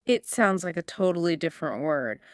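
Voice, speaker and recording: A woman's voice: lowish voice, lively intonation, normal speed, no echo, clean studio sound. A woman co-hosting a podcast, asking curious follow-up questions in a scripted teaching dialogue. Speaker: podcast co-host.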